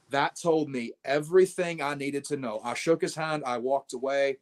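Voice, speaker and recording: A man with a voice pitched a little above most men's. He tells a story in an interview in a blunt, animated way, and he acts out his own lines as he goes. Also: quick pace. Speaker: wrestler guest.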